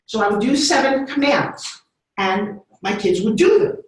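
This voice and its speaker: Woman, middle-aged, animated storyteller, acts out voices, very echoey, distant mic. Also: on the high side, a little slow. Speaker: speaker. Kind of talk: storytelling talk. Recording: echoey room, far from mic.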